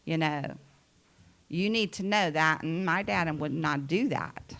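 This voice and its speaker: A woman's voice: sits low, slow pace, gravelly, fairly bright tone. A woman giving a sermon in an earnest, conversational way, stressing key phrases by repeating them. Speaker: preacher.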